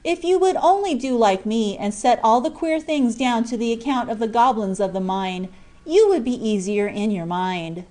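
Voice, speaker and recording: A woman reading an audiobook, voicing a cheerful, teasing young male miner in a lively, coaxing manner. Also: fairly high pitch, moderate pace, natural voice. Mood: jovial. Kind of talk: audiobook character voice.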